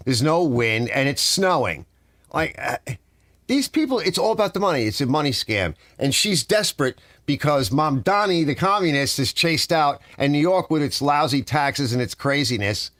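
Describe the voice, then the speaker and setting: A man's voice: fairly high pitch, fairly bright tone, dry recording, studio quality. A middle-aged man hosting a casual garage live stream, rambling and ranting while answering his viewers' chat. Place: home garage.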